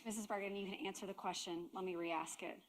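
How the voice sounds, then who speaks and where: A woman attorney questioning a witness during a courtroom examination, formal and measured. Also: medium pitch, steady tone, a little hiss or hum.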